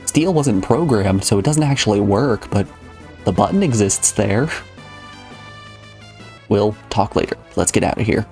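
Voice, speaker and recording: Man, streamer, casual rambling chat, lowish voice, faint game music behind. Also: expressive, measured pace, pauses often, a little mellow. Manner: rambling, chatty, addresses chat. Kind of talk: casual live gameplay chat.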